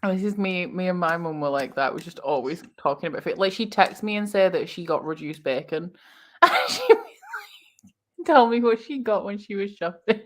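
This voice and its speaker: A woman with a Northern English accent chats loosely on a reading livestream, giggling often and wandering between topics. Her voice sits slightly low, and she fills pauses with "um" and "like.". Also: lively intonation. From Lancashire, England. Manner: giggly, rambling, lots of fillers. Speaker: booktube host. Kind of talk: casual livestream chat.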